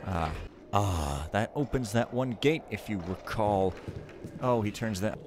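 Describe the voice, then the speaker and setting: While playing a stealth game, a man offers casual, joking, rambling let's-play commentary and mocks himself along the way. His voice is fairly low, animated and unhurried, with a noisy background.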